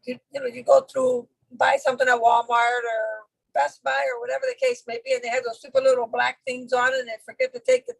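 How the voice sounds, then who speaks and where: A woman's voice: high voice, fast talker, vocal fry, no echo, poor audio. A woman co-hosting a live sewing show, chatting casually as she sews and exclaiming as she laughs along. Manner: animated, exclaims, laughs easily. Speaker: co-host sewing on the stream. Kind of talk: casual chat while sewing.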